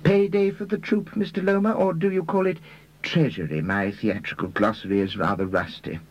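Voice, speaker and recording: A man's voice: fairly high pitch, steady tone, moderate pace, muffled recording, pitched above the performer's own voice, lightly acted. A man voicing a dry, sardonic detective.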